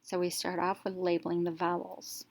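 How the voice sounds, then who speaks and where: A woman teacher with a voice a touch lower than most, narrating an instructional lesson. She talks step by step, pausing to let each point settle, in a plain, careful classroom delivery. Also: monotone, darkish tone. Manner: slow, step-by-step explaining.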